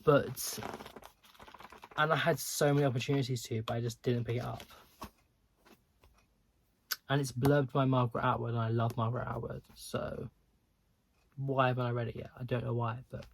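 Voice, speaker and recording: A man talks casually to his camera in a loose, rambling way, full of ums and likes. He pokes fun at himself as he goes. His voice has a gravelly, creaky edge. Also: mid-range voice, slight background noise. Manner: chatty, rambling, self-deprecating, lots of ums and likes. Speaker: book vlogger.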